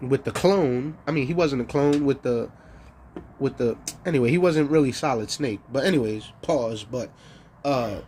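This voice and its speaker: A man's voice: mid-range voice, normal speed, darkish tone, slight background noise. A man hosting a livestream in a profane, rambling rant, stopping to search for words and taunting the audience with rhetorical questions. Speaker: livestream host. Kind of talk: ranting livestream monologue.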